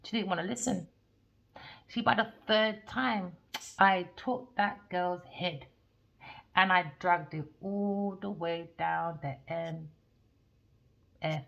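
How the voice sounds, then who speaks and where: Brief: woman, tarot reader, mid-pitched, slangy and emphatic, jumps from loud bursts to low mutters, slightly dull recording. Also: gravelly. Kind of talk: casual storytelling monologue.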